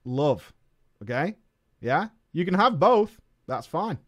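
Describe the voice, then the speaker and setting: Man, high voice, slow delivery, story reading with live commentary, swears and laughs, talks to viewers. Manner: animated, swearing, laughing, addresses viewers as boys.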